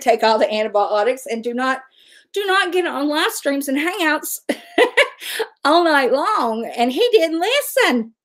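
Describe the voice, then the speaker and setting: A middle-aged woman, hosting a casual livestream, chatting and answering viewer comments. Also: on the high side. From West Virginia, USA. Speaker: livestream host.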